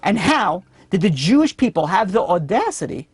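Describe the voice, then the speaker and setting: A man teaches a Torah lesson as a rabbi, telling stories and acting out their characters. His delivery is animated. The recording is dry, with little room sound. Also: sits high, moderate pace, husky, dry recording.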